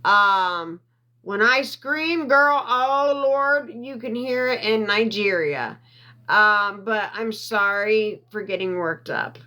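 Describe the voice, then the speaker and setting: A woman talks slowly into her phone on a livestream and answers viewer comments as they come in. She sits at a middle pitch, and her voice climbs and gets loud when she gets worked up. She defends herself and repeats her points over and over. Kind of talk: emotional livestream chat.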